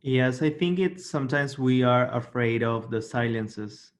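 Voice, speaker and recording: A man attending an online class offers a quick, tentative answer to the coach's question. His voice sits at an ordinary middle pitch and comes through a video-call connection. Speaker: webinar attendee.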